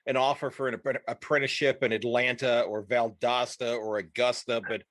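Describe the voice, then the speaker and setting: A man's voice: medium pitch, level tone, a little fast, a bit bright, dry recording. American guy hosting a podcast, curious questions, stammers and restarts, dry close sound. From United States. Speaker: podcast host, teacher. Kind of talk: casual interview chat.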